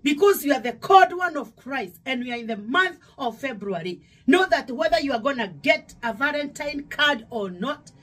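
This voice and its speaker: A woman's voice: sits high, lively intonation, moderate pace, few pauses. A middle-aged woman from Kenya with a Kenyan accent, preaching a devotional sermon emphatically, repeating her phrases. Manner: emphatic, repeating phrases, sudden louder exclamations. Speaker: pastor.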